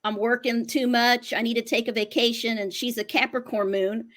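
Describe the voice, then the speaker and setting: A woman astrologer with a slightly high voice chats casually on a video call. She talks loosely, with many "you know"s and quick agreement. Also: little pitch movement, a bit bright. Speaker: astrologer, panel member.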